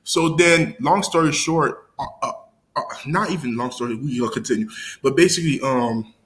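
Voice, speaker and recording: A young man tells his viewers a story from his childhood in a loose, casual vlog. His voice sits at a middle pitch, and his talk is full of slang, fillers and false starts. When he acts out a scene, his voice jumps sharply upward. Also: a little fast, rough recording. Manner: loose and rambling, slangy, with many fillers and restarts; animated, jumps high when acting out scenes. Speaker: YouTuber telling a story to viewers.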